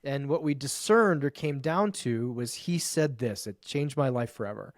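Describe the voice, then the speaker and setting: A man telling a personal story as a podcast guest and men's coach, emphatic and profane, piling up quick lists. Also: medium pitch, no echo, clean studio sound. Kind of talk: animated storytelling in conversation.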